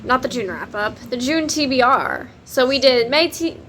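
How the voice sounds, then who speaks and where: A woman's voice: sits high, animated, normal speed, fairly bright tone. A young woman, chatting casually to camera about books, swearing freely and laughing often. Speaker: book vlogger.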